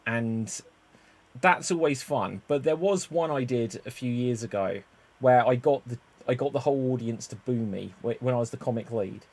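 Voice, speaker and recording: A man hosting a podcast, telling stories in a loose, animated way full of "like" and restarts. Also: mid-range voice, moderate pace. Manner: animated storyteller, lots of "like" and restarts. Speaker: podcast host. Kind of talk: casual podcast chat.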